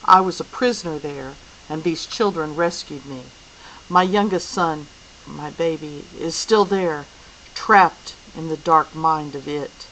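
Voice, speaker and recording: A woman reading a novel aloud voices a grave father who speaks slowly, distinctly and steadily. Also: deep voice, a bit bright, a little hiss or hum, rough recording. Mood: steady.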